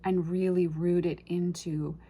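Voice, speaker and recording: A woman's voice: lowish voice, level tone, measured pace, warm tone, slight background noise. A woman casually unboxing and reviewing an oracle deck, gushing and emotional, often trailing off and restarting her sentences.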